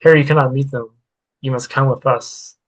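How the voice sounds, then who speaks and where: An earnest young vampire who pleads and urges in formal, old-fashioned phrases, read by a man. The delivery stays close to the reader's own flat, unvaried voice. It sounds like a storybook reading. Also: medium pitch, a little fast, natural voice, rough recording. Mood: pleading.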